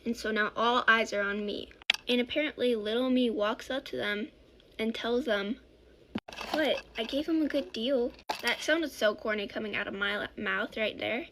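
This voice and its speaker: A woman's voice: fairly high pitch, background noise. A woman telling a childhood story in a casual, rambling way, often correcting herself. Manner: rambling, self-correcting, animated.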